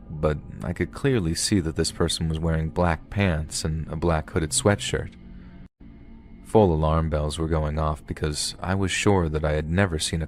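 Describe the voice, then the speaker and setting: A man with an extremely low, deep voice narrates a first-person scary story, calm and steady. Soft music plays faintly beneath him. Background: background music.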